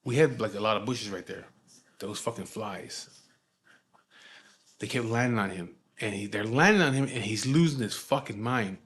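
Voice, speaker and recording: A man's voice: lowish voice, moderate pace, fairly bright tone. A man telling a story in a casual, profane, laid-back way.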